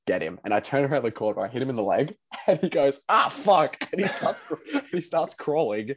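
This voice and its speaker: A young man in casual chat, telling stories with lively energy. He acts out the people in his stories, jumping up in pitch for their lines. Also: fairly quick, husky. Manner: animated storyteller, acts out quotes with big pitch jumps. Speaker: podcast co-host telling a story.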